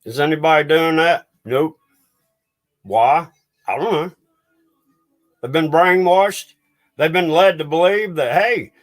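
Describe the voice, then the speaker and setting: A man with a high voice rants angrily to his viewers on a livestream. He talks in a heated, agitated way and swears often. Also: takes it slowly, pauses often. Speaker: livestream host. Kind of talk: angry ranting livestream.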